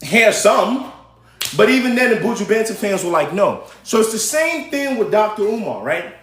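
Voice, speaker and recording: A man's voice: sits high, lively intonation, moderate pace, fairly bright tone. A man hosting a live stream, chatting casually and directly to his viewers as he gives commentary. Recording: roomy echo.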